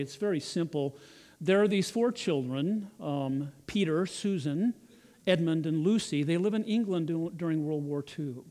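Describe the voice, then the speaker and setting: Slightly high-voiced male pastor. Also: a little mellow. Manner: repeats and restarts words. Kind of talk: sermon storytelling.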